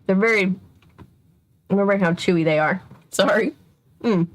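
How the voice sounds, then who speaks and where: A young woman in her twenties reads a children's mystery aloud to her live chat from home. Her talk is chatty and full of laughter, breaking off mid-sentence as she goes, and her pitch sits in the middle. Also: moderate pace. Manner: chatty, self-interrupting, laughing often. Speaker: channel host. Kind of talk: casual reading with live chat.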